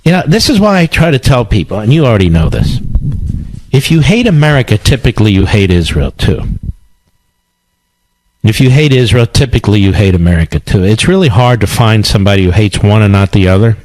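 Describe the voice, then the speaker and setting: A man's voice: on the low side, expressive, a little fast, darkish tone, dry recording, poor audio. A male radio talk show host delivering a combative, sarcastic political monologue with emphatic repetition.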